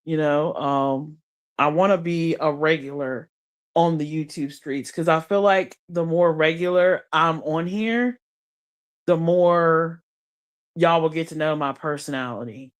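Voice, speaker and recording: Lying in bed under her blankets, a woman live-streams from her phone in a low, unhurried voice. She chats casually in slang, reads her chat aloud, and laughs often.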